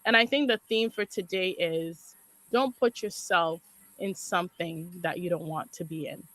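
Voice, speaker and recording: A woman's voice: fairly low pitch, normal speed, fairly bright tone, no echo, low-quality recording. A woman guest on a talk show giving relationship advice, stressing and repeating her key points. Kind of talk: casual chat.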